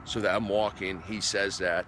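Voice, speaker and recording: A man's voice: low voice, little pitch movement, moderate pace. Brief: male comedian livestreaming from his phone, rambling and repeating himself, traffic noise behind. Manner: gets worked up and loud. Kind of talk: casual livestream storytelling.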